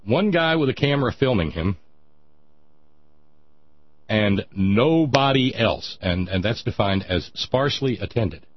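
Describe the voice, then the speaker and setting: A man hosting a sarcastic political commentary monologue, mocking and dry, with a husky voice. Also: lowish voice, animated, unhurried, pauses often, dry recording, muffled recording. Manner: sardonic, mocking, dry asides.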